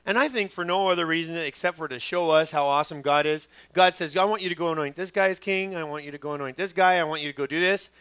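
A middle-aged man preaching a sermon as pastor, telling stories with lively quoted voices. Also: fairly high pitch, quick pace, hardly any pauses, clean tone, dry recording. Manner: animated storytelling, acting out quoted voices.

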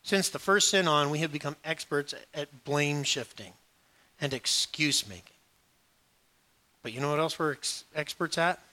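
A middle-aged male pastor preaching a sermon, joking and storytelling with sudden hushed asides. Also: fairly high pitch, measured pace.

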